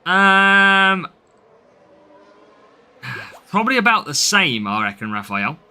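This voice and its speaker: A man's voice: sits high, sing-song, takes it slowly, sharp tone, smooth. A man from the English Midlands with a Midlands accent, chatting through a live game stream and answering viewers' comments as he plays.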